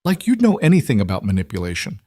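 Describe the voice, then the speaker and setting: A man's voice: fairly low pitch, wildly swooping pitch, fast talker, warm tone, dry recording, clean studio sound. A man voicing a frightened but defiant young woman, speaking tensely.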